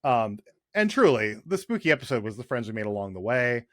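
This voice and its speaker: A man's voice: medium pitch, big pitch swings, a little fast, no echo, studio quality. A man hosting a podcast in casual chat, jokey and enthusiastic, with loose, rambling sentences. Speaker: podcast host.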